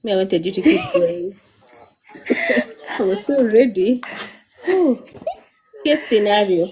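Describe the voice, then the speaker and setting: A woman's voice: mid-range voice, animated, unhurried, pauses often, warm tone, slightly rough. A woman hosting a live-streamed interview, encouraging viewers to ask questions and prompting her guest. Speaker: host.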